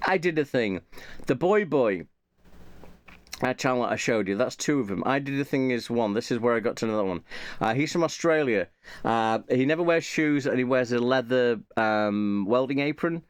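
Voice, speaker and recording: A man's voice: mid-range voice, expressive, moderate pace, smooth, dry recording. A man chatting casually and rambling, with many fillers and restarts. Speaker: channel host.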